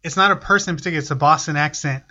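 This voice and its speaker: Bright-voiced swearing male podcast guest. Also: a little high, racing, highs cut off. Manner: swearing, ranting storyteller. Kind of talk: casual podcast chat.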